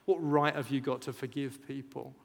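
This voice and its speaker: A man preaching a sermon, animated, jumping loud for emphasis and acting out chants. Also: medium pitch, normal speed, vocal fry, noisy background. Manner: animated, rises loud for emphasis, acts out chants, laughs at himself. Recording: long hall reverb.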